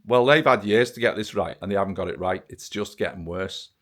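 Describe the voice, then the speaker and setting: Talking directly into his own camera, a British man launches into a sweary, sarcastic political rant, clearly angry. He's a vlogger with a low voice, a brisk pace, and a fairly bright tone.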